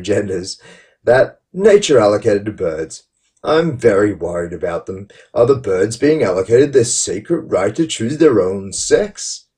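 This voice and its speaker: A man's voice: warm tone, distant mic. A man putting on a mock-polite sarcastic commenter. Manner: exaggerated sarcastic politeness, rising high pitch.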